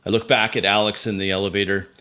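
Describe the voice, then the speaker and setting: A man's voice: fairly low pitch, little pitch movement, quick pace, pushed and bright, clean tone. A man playing a tabletop role-playing game, narrating his character's moves in a vivid, playful way. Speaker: player.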